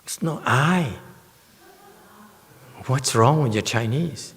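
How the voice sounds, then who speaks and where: A man's fairly high, slightly bright voice comes across animated yet slow, with long pauses, as he gives a Dharma lecture on a sutra. The Buddhist master teases and quizzes his audience with emphatic questions inside a reverberant temple hall.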